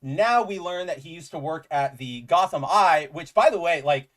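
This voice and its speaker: A man's voice: on the high side, lively intonation, normal speed, fairly bright tone. A man co-hosting a casual comics chat, enthusiastic and rambling, with lots of "like" fillers. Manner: enthusiastic, rambling, says "like" often. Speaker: podcast co-host.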